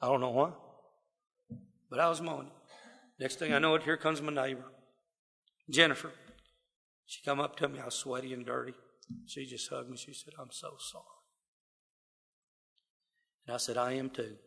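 A man's voice: mid-range voice, fairly even intonation, moderate pace, gravelly, long pauses, sharp tone. Man telling his story in a hall. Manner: folksy storytelling, heartfelt. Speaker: speaker sharing recovery story. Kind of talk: personal testimony talk. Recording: long reverb of a hall.

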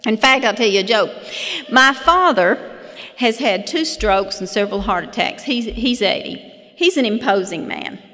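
A woman's voice: a little high, lively intonation, normal speed, bright, forceful tone. Folksy woman telling stories in a hall. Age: 50s. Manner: folksy, self-deprecating, chuckling asides. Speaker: speaker sharing at a recovery meeting. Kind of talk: personal testimony with humorous storytelling. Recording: long hall reverb.

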